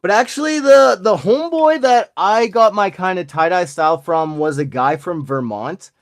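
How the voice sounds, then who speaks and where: A man's voice: sits high, moderate pace. A man in his forties from Alberta with an Albertan Canadian accent, hosting his channel and chatting jokily with viewers while opening card packs. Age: 40s. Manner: jokey, chatty, addresses viewers.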